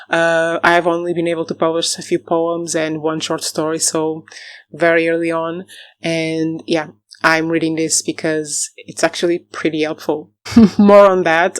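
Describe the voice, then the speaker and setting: A woman's voice: low voice, no echo, studio quality. A woman talking casually in a book vlog, chatty and enthusiastic, laughing often and wandering into self-correcting asides. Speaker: book vlogger.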